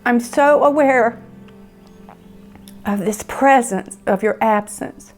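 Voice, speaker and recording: A middle-aged woman gives a personal testimony as a bereaved mother. Her voice sits fairly high, and she speaks in halting, emotional phrases with many pauses. Faint music plays softly beneath her.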